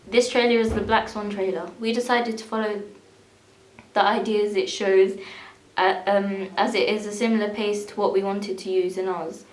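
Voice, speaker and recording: A young woman reading a school media evaluation aloud in a steady, even way. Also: mid-range voice, normal speed, reverberant, rough recording. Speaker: student presenter.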